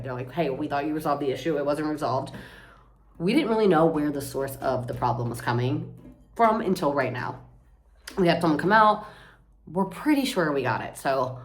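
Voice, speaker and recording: Exasperated woman venting, low voice. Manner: exasperated, swearing, rambling. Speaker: vlogger. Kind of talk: casual venting vlog.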